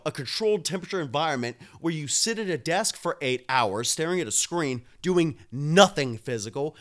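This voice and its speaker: A man with a slightly high, fairly bright voice hosts a live stream, drinking a beer as he answers viewers. His fired-up rant is thick with swearing, and he talks directly to the people watching.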